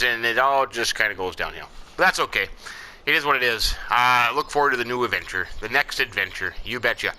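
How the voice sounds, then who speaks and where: Male gaming host, folksy self-talk, very bright tone, lively pitch, casual play-by-play. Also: a little fast, slight background noise, poor audio. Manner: folksy, talks to himself while playing. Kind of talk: casual gameplay commentary.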